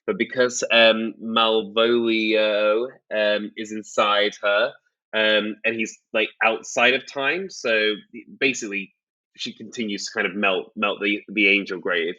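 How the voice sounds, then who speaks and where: A podcast co-host recaps a book loosely, with lots of ums. His voice sits on the lower side but is bright in tone. The audio sounds a little dull and lo-fi. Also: steady tone, a little slow. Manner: loose, filler-heavy retelling with many ums. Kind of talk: casual book-recap chat.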